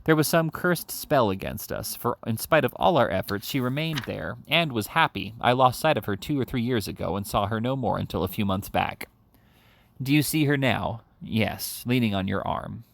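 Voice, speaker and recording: A man's voice: medium pitch, lively intonation, normal speed, gravelly. A man reading a classic novel aloud as an audiobook reader, giving the characters' lines a livelier delivery than the narration.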